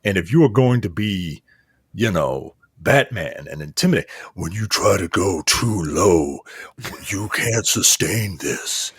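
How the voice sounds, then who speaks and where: Lively, husky-voiced podcast man. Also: low voice, a little slow, no echo. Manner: animated, repeats points for emphasis. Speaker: podcast co-host. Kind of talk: casual chat.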